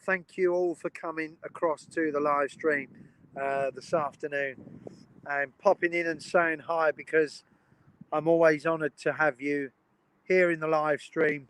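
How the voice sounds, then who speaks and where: A man's voice: fairly high pitch, fairly even intonation, unhurried, a bit bright, clean tone, poor audio. A man streaming live from beside a railway line outdoors, chatting enthusiastically with his viewers. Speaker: train spotting live streamer. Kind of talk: casual live-stream commentary.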